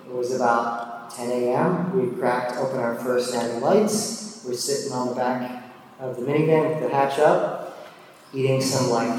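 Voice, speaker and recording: A man's voice: medium pitch, noisy background. A man in his thirties or older telling a personal story in a casual, self-deprecating way, with many fillers. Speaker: speaker sharing his drinking story. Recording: echoey hall from far off.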